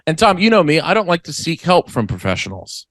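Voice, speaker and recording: A man's voice: on the high side, fast, no room sound. A young man co-hosting a comedy podcast, telling exaggerated stories in casual chat. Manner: animated, exaggerated storytelling. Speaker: podcast co-host.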